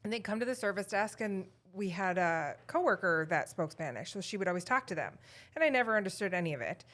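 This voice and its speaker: A woman's voice: mid-range voice, expressive, fast, fairly bright tone. Easygoing woman telling a story. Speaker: podcast co-host. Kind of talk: casual podcast chat.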